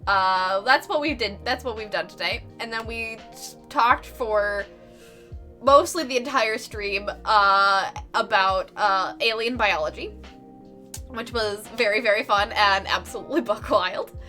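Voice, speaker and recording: A woman's voice: mid-range voice, unhurried, pushed and bright. A woman artist chatting casually with her viewers on a live stream, effusive and giggly, laughing often. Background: faint background music.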